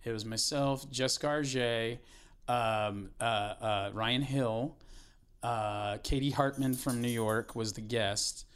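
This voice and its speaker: A man's voice: takes it slowly, clean tone. A middle-aged man hosting a casual talk among improv friends, telling stories with lots of swearing and laughter. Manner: swearing, laughing, mimics his kid in excited high voice. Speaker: improv podcast host.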